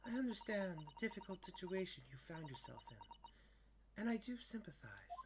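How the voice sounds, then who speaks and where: A man voicing a soft, earnest young woman. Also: high-pitched, sing-song, background noise. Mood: grave. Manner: soft, grave and measured.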